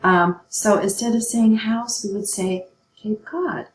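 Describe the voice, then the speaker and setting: A woman's voice: mid-range voice, takes it slowly, reverberant, a little hiss or hum, low-quality recording. A middle-aged woman teaching a writing lesson, patient and checking in often with her students. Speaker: English teacher.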